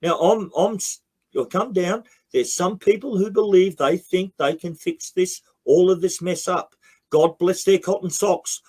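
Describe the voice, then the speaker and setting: A man's voice: high-pitched, a little slow, darkish tone, breathy edge. An Australian man, a guest in a heated interview, speaking bluntly and emphatically with frequent swearing.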